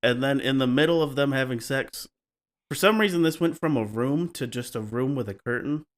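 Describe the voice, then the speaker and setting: A man's voice: mid-range voice, fairly quick. A man hosting a podcast, retelling stories in a casual, wry way and slipping into playful mock voices. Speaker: podcast host.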